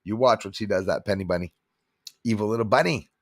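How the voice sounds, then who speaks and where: Speaking quickly in a lowish voice, a middle-aged man from Canada runs a laid-back livestream where he rambles and reads out viewer comments. The recording is dry and studio quality.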